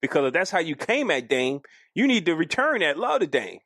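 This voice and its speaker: A man co-hosting a podcast in casual chat, animated and arguing his point, acting out quoted lines. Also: a little high, brisk, no room sound, studio quality. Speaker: podcast co-host.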